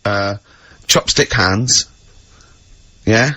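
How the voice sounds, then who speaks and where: A man co-hosting a comic radio show, spinning absurd hypotheticals and slipping into quick put-on voices. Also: on the low side, sharp tone. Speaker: radio co-host.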